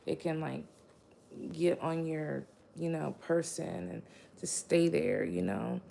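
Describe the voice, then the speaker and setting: A woman's voice: low voice, expressive, slow, creaky, mellow, slight background noise. A woman giving a casual spiritual pep talk as a vlogger, blunt and profane, rambling with lots of fillers.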